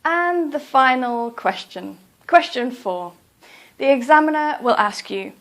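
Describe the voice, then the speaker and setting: Slow, careful woman teaching English. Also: high-pitched, lively intonation, fairly bright tone. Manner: slow, careful, clearly enunciated. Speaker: English test tutor. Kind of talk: slow scripted instruction.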